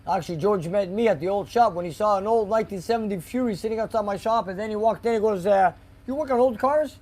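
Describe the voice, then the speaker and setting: A man's voice: high-pitched, fast talker, a little mellow. A man hosting a casual live stream from a garage, reading viewer comments aloud and chatting about them, sometimes slipping into Greek. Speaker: host reading live chat. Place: car garage shop.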